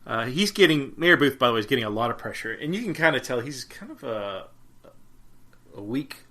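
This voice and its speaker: A man co-hosts a podcast in a loose, rambling chat, often restarting his sentences and laughing at himself. His voice is bright and forceful, with a slightly tense edge. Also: mid-range voice, big pitch swings, brisk. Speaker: podcast co-host. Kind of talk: casual chat.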